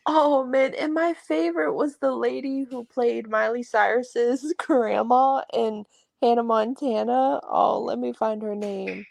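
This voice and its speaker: A woman's voice: a little high, steady tone, measured pace, creaky, darkish tone. A woman from West Virginia co-hosting a casual movie review podcast, teasing and laughing easily. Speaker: podcast co-host.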